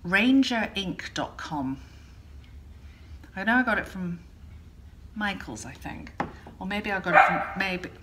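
A woman's voice: on the low side, noisy background. A woman hosting a casual art tutorial, chatting in a rambling way with frequent ums and self-corrections as she demonstrates at home.

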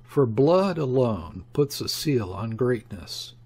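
A man doing a sardonic anarchist professor in an audiobook, crisp scornful delivery, gravelly edge, husky tone. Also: medium pitch, very animated, slow pace, a little mellow, full character voice. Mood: contemptuous. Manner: scornful, precise, sententious. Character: cold sardonic male anarchist professor, contemptuous. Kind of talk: audiobook character voice.

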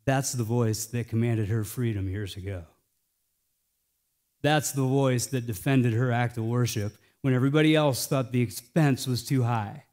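An American male pastor delivering a sermon, swinging between hushed, slowed phrases and loud, emphatic lines. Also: mid-range voice, steady tone.

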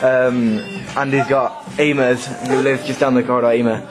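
Relaxed young man keeping a video diary. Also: medium pitch, music in the background, low-quality recording. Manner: relaxed, halting, chuckling. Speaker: student vlogger. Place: student hall room.

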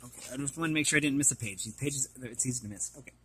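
A man's voice: mid-range voice, racing, bright, forceful tone, slightly rough. A man casually reading an art book aloud and commenting, hesitant and apologetic as he stumbles over names.

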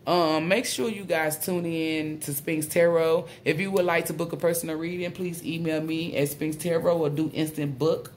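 A woman doing a casual spiritual tarot reading, excitable and blunt, swearing freely. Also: sits low, moderate pace, hardly any pauses, a little hiss or hum. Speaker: tarot reader.

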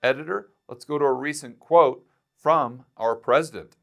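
A man's voice: mid-range voice, moderate pace, gravelly, a bit bright. A man hosting a finance video, talking straight to camera with sarcasm and emphatic repetition. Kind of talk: direct-to-camera economic commentary.

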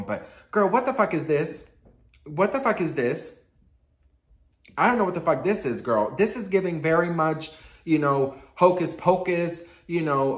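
A sassy, excitable man dishing celebrity gossip to his viewers. His pitch leaps around dramatically as he talks. The room is noticeably echoey. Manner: sassy, excitable, peppered with swearing and "girl". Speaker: pop culture gossip vlogger. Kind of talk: casual gossip vlog.

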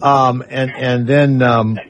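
A man's voice: mid-range voice, level tone, slow. A man hosting a talk radio show, telling stories in a brash, casual way and swearing freely. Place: radio studio.

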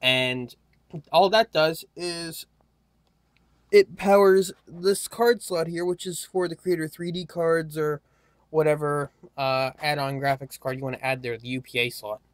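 A tired young man giving a casual, rambling hardware walkthrough, halting often with fillers as he moves around the camera mic. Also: a little high, steady tone, no echo. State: tired, yawning. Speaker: tech hobbyist vlogger.

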